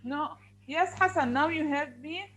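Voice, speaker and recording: High-voiced woman teaching. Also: measured pace, a bit bright, slight background noise, low-quality recording. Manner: repetitive, questioning, firm. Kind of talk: online English lesson. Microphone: video call.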